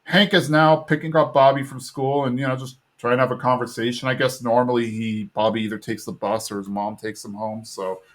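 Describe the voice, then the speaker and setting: A man's voice: medium pitch, fairly even intonation, brisk, hardly any pauses. A man hosting a podcast, casually recapping a cartoon episode and acting out its characters. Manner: retells scenes, acting out characters. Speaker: podcast host.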